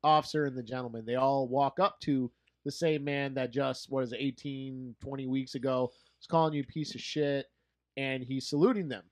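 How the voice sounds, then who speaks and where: A man co-hosting a casual podcast, retelling a film scene in a rambling, halting way. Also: mid-range voice, fairly even intonation. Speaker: podcast co-host.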